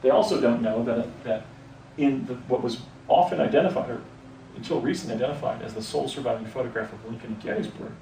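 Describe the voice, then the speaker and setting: Speaking fast in a mellow mid-range voice with vocal fry, a man recounts his own experience outdoors without a script. He rambles, corrects himself, and restarts frequently; the far-placed mic adds roomy echo, faint ambience, and a little hiss or hum.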